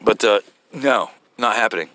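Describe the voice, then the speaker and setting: A man telling an animated, profane story in a casual rant, rambling with many restarts, from inside a car. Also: fairly low pitch, moderate pace, background noise. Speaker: vlogger.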